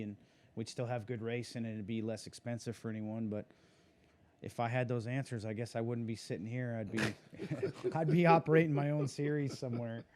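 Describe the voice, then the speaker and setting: Mellow-voiced racing driver, rambling. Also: male voice, on the low side. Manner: rambling, many fillers and restarts. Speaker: guest, sprint car driver. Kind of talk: casual interview talk.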